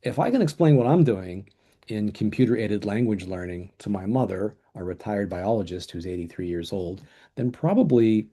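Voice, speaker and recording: Middle-aged guy at a desk mic on a video call, low husky voice, thoughtful and agreeable. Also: lively intonation, moderate pace, warm tone. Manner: reflective, agreeing, mild stumbles. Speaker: webinar co-host. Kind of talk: webinar discussion. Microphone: desk microphone on video call.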